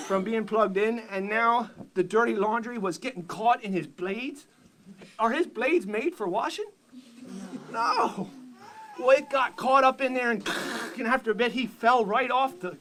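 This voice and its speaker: A man preaching in a church, telling an animated story and laughing along with it. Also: high-pitched. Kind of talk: storytelling sermon.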